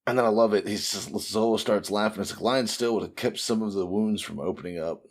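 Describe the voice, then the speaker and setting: A man with a somewhat low voice chatting on a podcast. He recaps a comic in a loose, profane way, jumping into quick impressions of the characters as he goes. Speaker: podcast co-host.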